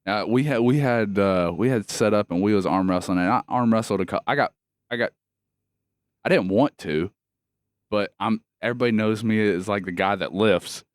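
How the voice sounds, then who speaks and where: A man's voice: fairly low pitch, moderate pace, no echo, clean studio sound. Profane, laughing man in his thirties. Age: 30s. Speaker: podcast co-host. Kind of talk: casual chat.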